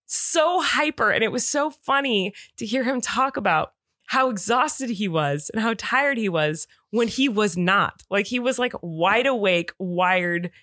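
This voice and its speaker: A woman co-hosting a relaxed podcast, telling family stories in a chatty, rambling way. Her voice sits mid-range for a woman. The sound is close and dry, with no room around it. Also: medium pitch, a little slow, no room sound. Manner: chatty storytelling, lots of fillers. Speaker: podcast co-host. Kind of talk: casual chat.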